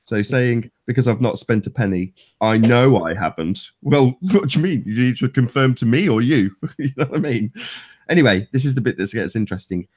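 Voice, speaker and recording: Lively, sarcastic man. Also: mid-range voice, a little fast. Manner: sarcastic, laughs often, acts out quotes. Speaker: host of a chat stream. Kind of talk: casual mocking chat.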